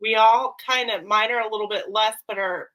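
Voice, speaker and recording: A woman chatting casually on a livestream video call from her sewing room, playful and animated. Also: a little high, a little fast, poor audio.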